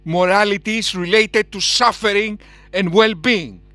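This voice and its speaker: A man's voice: high voice, a little slow, sharp tone, dry recording. A man giving heated reaction commentary on a debate clip, scornful and mocking, and laughing at his own outbursts.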